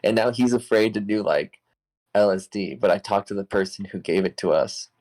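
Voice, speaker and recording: A man's voice: on the low side, normal speed, a little mellow, rough recording. A young man casually telling a wild story as an interview guest, rambling with lots of "like" fillers, swearing and laughing as he goes.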